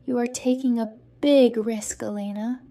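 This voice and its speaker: A woman's voice: a little high, steady tone, a little slow, warm tone. A woman reading the lines of a stern male school director in a storybook.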